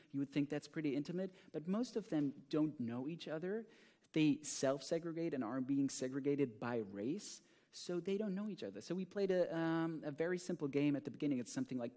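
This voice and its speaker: A man's voice: a little high, dark tone. A man teaching improv, explaining his prison class to a conference audience in an earnest way. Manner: earnest explaining, reads student quotes aloud. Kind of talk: conference talk.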